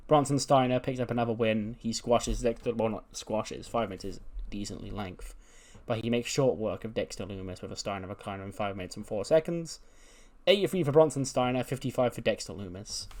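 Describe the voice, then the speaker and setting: A man narrating his wrestling booking game playthrough in a loose, chatty voice of ordinary pitch. He rambles, corrects himself mid-sentence and laughs along as he recaps the show. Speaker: let's play host.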